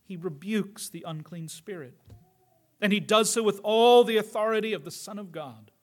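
A man preaching a sermon, earnest and reflective, often dropping to a hush on key phrases. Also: sits high, moderate pace.

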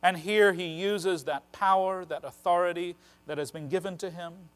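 A man preaching a sermon, earnest and emphatic, slowing down to stress key phrases. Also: high voice, fairly even intonation.

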